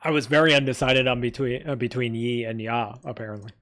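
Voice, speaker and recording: A man's voice: mid-range voice, level tone, brisk, fairly bright tone. A man chatting casually on a live stream about his own fantasy writing, rambling and hesitant, with frequent restarts and fillers.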